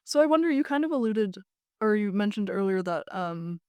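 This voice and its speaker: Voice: mid-range voice, lively intonation, brisk, warm tone, smooth, dry recording. A podcast co-host muses aloud while building up to a question. The voice sits in a mid register, and the recording is dry and close. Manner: reflective, frequent short acknowledgments. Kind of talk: casual interview chat.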